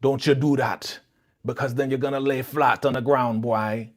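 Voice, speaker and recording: A man doing a comic impression of a defiant, jailed male uncle with a put-on Jamaican accent, low and growling. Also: steady tone, moderate pace, close to an everyday voice. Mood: threatening. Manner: growling, threatening, mocking impression. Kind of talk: comic impression in a reaction stream.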